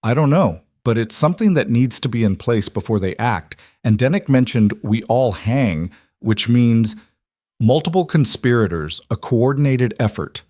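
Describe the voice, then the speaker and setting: A man voicing a quiet, brave young female servant who speaks meekly and carefully. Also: mid-range voice, expressive, normal speed, no room sound, clean studio sound, close to an everyday voice. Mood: urgent. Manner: meek and careful.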